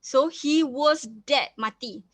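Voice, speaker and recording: A woman's voice: sits high, slow, no echo. Malaysian woman teaching a reading lesson. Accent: Malaysian English. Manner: code-switches to Malay, repeats and restarts often. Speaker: English teacher. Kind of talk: reading lesson, explaining a story.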